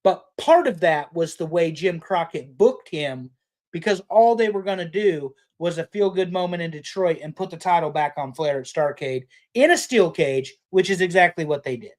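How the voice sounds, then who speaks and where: A man's voice: on the high side, moderate pace. A middle-aged man, a podcast co-host, rambling in casual chat with profane rants.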